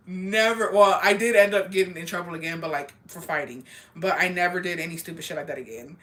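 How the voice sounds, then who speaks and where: Young woman, bright forceful voice, casual storytelling, profane, rambling, blunt. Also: on the low side. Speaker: streamer.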